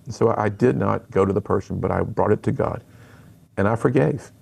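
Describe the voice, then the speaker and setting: A middle-aged man, a guest on a radio interview, telling his personal story in an earnest, animated way and acting out the lines he quotes. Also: fairly low pitch, a little fast, creaky, husky. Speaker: radio guest, speaker to students.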